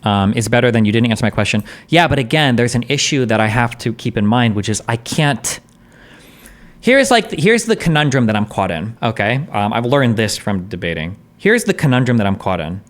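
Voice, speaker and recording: A man's voice: medium pitch, very animated, moderate pace. A man casually commenting on a debate during a live stream, blunt, profane and thinking aloud in long rambles.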